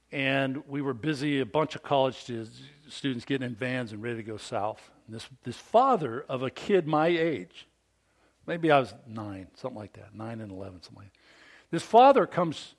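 A middle-aged man preaching a sermon in a conversational storytelling style, moving from loud emphatic bursts to hushed, almost whispered lines. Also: medium pitch, animated, normal speed. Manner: conversational, with restarts and storytelling asides. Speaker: pastor.

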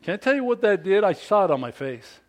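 A middle-aged man preaching a sermon in a conversational storytelling style, moving from loud emphatic bursts to hushed, almost whispered lines. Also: sits high, very animated, fast. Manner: conversational, with restarts and storytelling asides. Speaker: pastor.

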